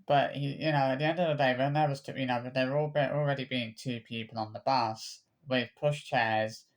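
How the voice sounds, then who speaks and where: A man ranting to camera, halting and repeating himself, swearing freely. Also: medium pitch, fairly even intonation. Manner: halting, many stammered restarts and repeated words. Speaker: vlogger. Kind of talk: angry personal rant.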